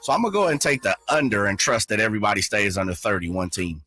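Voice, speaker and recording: A man's voice: fairly low pitch, very fast, soft background music. A man on a sports radio show, giving his picks in a chummy, casual way. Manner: lively, chummy, calls people brother.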